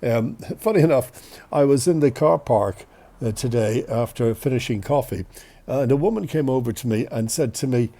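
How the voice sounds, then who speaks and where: A man's voice: medium pitch, normal speed, dark tone. A man with a cold, hosting a podcast and telling a personal story in a chatty, self-deprecating way. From Ireland. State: has a cold. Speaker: podcast host. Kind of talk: casual storytelling.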